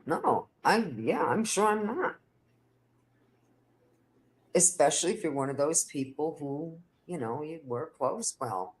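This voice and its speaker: Relaxed co-host, agreeable banter, casual stream chat. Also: medium pitch, slow, pauses often.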